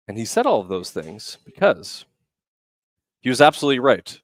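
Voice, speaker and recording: Lively, emphatic male speaking coach. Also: medium pitch, moderate pace, pauses often, dry recording. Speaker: communication coach. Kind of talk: explaining public speaking tips.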